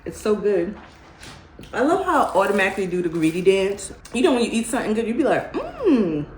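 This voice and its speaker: A woman's voice: medium pitch, lively intonation, fast. A middle-aged woman chatting casually through a home cooking tutorial, homey and laughing easily, saying "y'all" and "child.". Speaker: cooking vlogger. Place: home kitchen. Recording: roomy kitchen echo, clear background noise.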